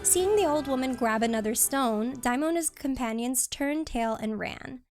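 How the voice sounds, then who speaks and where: High-voiced woman reading a novel aloud. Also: moderate pace, faint music behind. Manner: steady storybook narration. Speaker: streamer.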